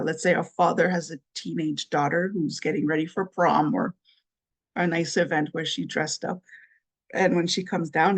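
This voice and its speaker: A woman hosting a solo parenting podcast, explaining step by step and repeating her key points with a light laugh now and then. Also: low-pitched. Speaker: podcast host. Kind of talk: solo advice talk.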